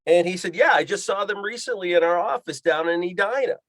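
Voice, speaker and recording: Lively storytelling man, slightly high voice. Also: fairly quick, dry recording. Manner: acts out voices in quoted dialogue. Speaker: guest, pilot and fishing guide. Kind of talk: animated storytelling.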